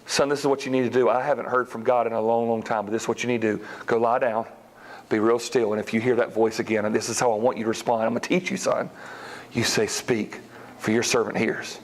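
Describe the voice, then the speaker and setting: A man doing gruff old priest Eli. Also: medium pitch, little pitch movement, fast talker, pitched below the performer's own voice, natural voice. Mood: instructing. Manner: gruff, instructing, sleepy-grumpy. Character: old grumpy male priest Eli, fatherly.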